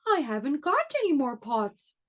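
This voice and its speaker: A fussing, flustered storybook queen, put on by a woman reading aloud, wails in a high voice that swoops up and down. She fusses over a kitchen disaster in a read-aloud picture book. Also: big pitch swings, moderate pace. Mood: fretting. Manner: fretful and wailing.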